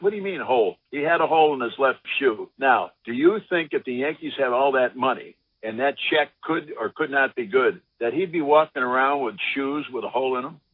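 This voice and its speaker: An older former ballplayer telling lively anecdotes in an interview, acting out the voices of the people he quotes. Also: mid-range voice, breathy edge, dry recording. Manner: animated anecdotes, acts out quotes. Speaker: former baseball pitcher, guest. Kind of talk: storytelling interview. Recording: dry, phone-like line.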